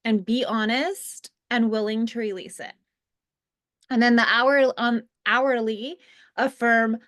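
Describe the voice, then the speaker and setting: A woman's voice: on the high side, steady tone, slow pace, a bit bright. Earnest woman teaching a spiritual lesson. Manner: earnest, with frequent fillers and restarts. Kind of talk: casual spoken teaching.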